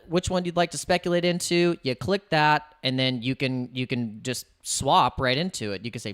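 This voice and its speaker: A man's voice: a little high, a bit bright, smooth. A man hosting a casual crypto livestream, chatty and rambling, hyping up his viewers.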